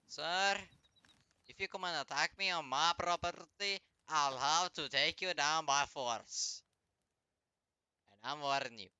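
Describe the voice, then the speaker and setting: A man's voice: on the high side, unhurried, pushed and bright, clear, resonant tone, dry recording. A man streaming a live game, commenting as he plays, taunting enemies in a mock-polite way and swearing often.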